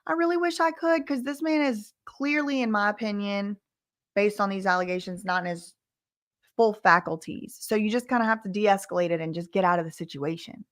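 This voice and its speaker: A woman talking through court documents in a relaxed, conversational way. Her voice sits at a medium pitch, and she stops often to add her own remarks between the quotes she reads. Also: fairly quick, no echo, clean studio sound. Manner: reads transcript quotes aloud with frequent asides. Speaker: legal commentary host. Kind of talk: casual commentary reading from a lawsuit.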